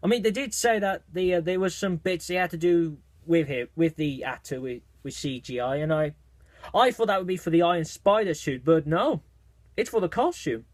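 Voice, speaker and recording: A man reviewing a movie trailer in a casual video, talking excitedly in a rambling way with lots of restarts and fillers. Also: a little high, normal speed, no room sound.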